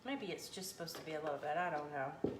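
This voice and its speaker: A woman hosting a casual live cooking stream from her home kitchen, folksy and animated as she reads viewer comments. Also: low-pitched, fast talker. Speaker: cooking livestream host. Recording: echoey kitchen with faint background noise.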